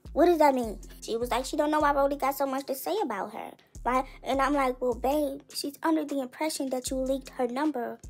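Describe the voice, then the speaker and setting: A woman hosting a casual commentary show, blunt and slangy, laughing as she talks. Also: sits high. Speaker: host.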